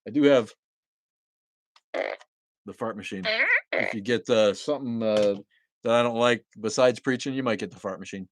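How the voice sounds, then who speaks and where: A man hosting a casual livestream from home, greeting viewers loudly, coughing often and swearing casually. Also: lowish voice, moderate pace, long pauses, dry recording. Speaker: livestream host. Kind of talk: casual livestream chat reading viewer comments. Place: at home with a dog nearby.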